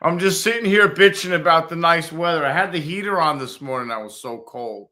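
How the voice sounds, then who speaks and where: A man's voice: fairly high pitch, brisk, sharp tone. A man in his fifties chatting casually on a livestream, rambling and swearing, mimicking other people in a raised voice. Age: 50s. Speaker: motovlogger livestreaming to viewers.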